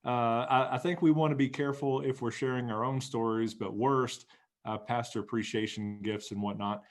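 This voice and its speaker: A man's voice: medium pitch, fairly even intonation, moderate pace. A man with an ordinary mid-range voice hosts a casual podcast chat. He sounds upbeat and playful, jokes with his co-hosts and keeps the conversation moving. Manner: upbeat, joking, steers the talk. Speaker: podcast co-host, pastor.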